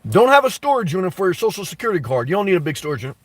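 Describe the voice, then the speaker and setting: A man's voice: sits high, big pitch swings, racing, no echo, recorded from a distance. A man hosting a casual live stream, answering viewer comments in an emphatic way that repeats his points and breaks into laughter between remarks. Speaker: YouTube host answering live chat.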